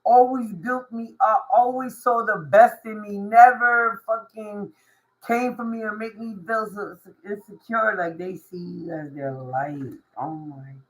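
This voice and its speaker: A woman giving a casual tarot reading to camera. She talks in a slangy, drawn-out way, swears, and laughs often between thoughts. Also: medium pitch, fairly even intonation, rough recording. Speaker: tarot reader.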